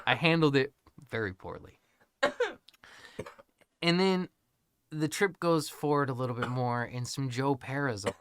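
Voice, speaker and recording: A man's voice: mid-range voice, a little slow, long pauses, a bit bright. A young man on a podcast, rambling through stories with lots of swearing and laughter. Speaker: podcast co-host. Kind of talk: casual storytelling chat.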